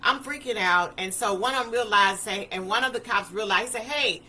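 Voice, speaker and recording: A woman tells her story in a bright, forceful voice. She talks in an animated way, acting out each quote as she speaks. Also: medium pitch, brisk. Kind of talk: personal testimony talk.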